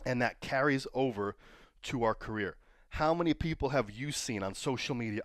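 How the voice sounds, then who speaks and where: Man, wrestling trainer, casual storytelling advice, keeps asking "right?", middle pitch. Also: moderate pace, dry recording, studio quality.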